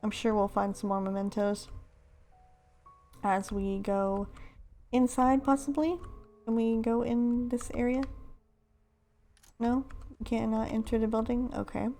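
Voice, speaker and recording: A woman's voice: a little high, steady tone, a little slow, pauses often, mellow, faint music behind. Chatty woman playing a video game. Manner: chatty, self-deprecating, laughs often. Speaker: let's-play host. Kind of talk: casual game commentary.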